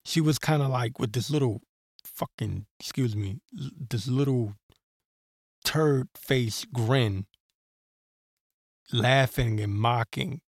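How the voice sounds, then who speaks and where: A man with a medium-pitched voice hosts a solo podcast of political commentary, speaking slowly with vocal fry and long pauses. His talk rambles and gets heated, full of profanity and fillers. The recording is clean studio audio with no room sound.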